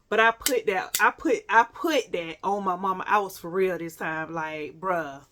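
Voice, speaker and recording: A woman's voice: on the low side, measured pace, fairly bright tone. A woman telling a personal story to viewers in a candid, profane way, with many restarts and direct asides. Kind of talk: casual storytime monologue.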